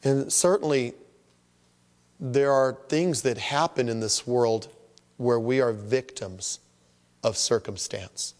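A man's voice: medium pitch, slow pace, long pauses, in a large hall. A man preaching a sermon, acting out the voices of people who complain about their troubles. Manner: animated, acts out voices of complainers. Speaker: pastor.

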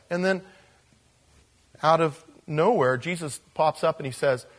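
A man's voice: fairly high pitch, animated, normal speed, breathy edge. A man preaching a verse-by-verse sermon as a pastor, emphatic and repeating phrases for stress.

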